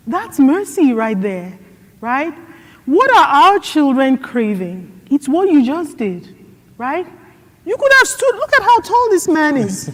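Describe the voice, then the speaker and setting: Earnest woman speaking slowly in a hall. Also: high-pitched. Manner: earnest, storytelling with lively quoted asides. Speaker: guest speaker. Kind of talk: conference Q&A answer. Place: conference hall. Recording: hall reverb.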